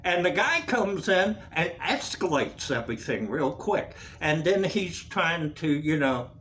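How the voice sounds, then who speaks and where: Animated, profane man telling a story. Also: fairly high pitch, unhurried, a little hiss or hum. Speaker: vlogger. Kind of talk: casual storytelling rant.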